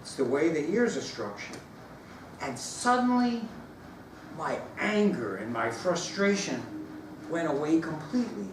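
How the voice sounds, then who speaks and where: A man giving a storytelling speech, animated and acting out the voices of the people in it. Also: a little high, measured pace. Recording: roomy echo, distant mic, background noise.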